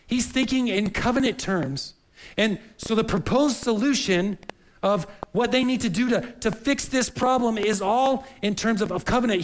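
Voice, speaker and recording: High-voiced earnest preacher man. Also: a little hiss or hum, rough recording. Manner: earnest, repeats words while searching for phrasing. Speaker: pastor. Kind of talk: sermon.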